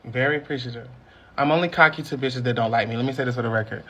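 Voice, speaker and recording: A man on a casual video chat with strangers, high, boastful and swearing a lot, laughing often. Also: racing, a bit bright, lo-fi sound, slight background noise.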